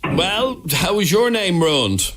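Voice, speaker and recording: A man's voice: high-pitched, sing-song, slow pace, background noise. An Irish man hosting a phone-in radio talk show, joking and teasing his callers in a studio. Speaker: radio host.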